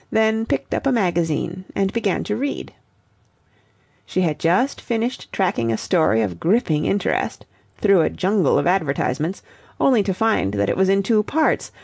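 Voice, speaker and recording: A woman reading a novel aloud in a steady, wry narrating style. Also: mid-range voice, gravelly, slightly rough, no room sound. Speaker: audiobook reader. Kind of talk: scripted narration.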